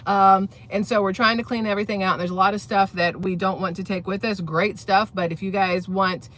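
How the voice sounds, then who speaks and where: Blunt, bright-voiced commentary vlogger. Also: mid-range voice, steady tone, brisk. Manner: blunt, opinionated, talks to viewers directly; rambling with fillers and restarts. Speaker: channel host. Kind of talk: casual political commentary vlog.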